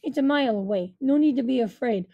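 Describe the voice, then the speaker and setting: A woman's voice: sits high, fast talker, gravelly, no echo, muffled recording, voice pushed up. A woman voicing a brash male gangster who uses tough-guy street slang in a storybook reading. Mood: pushy. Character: brash wisecracking male gangster in loud shirt.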